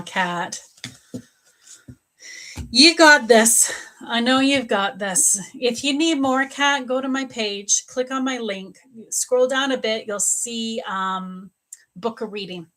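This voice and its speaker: A middle-aged woman gives live psychic readings, answering viewers' questions one by one. She speaks at an unhurried pace and calls out viewers by name. She often repeats her words and laughs as she goes. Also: on the high side, fairly bright tone.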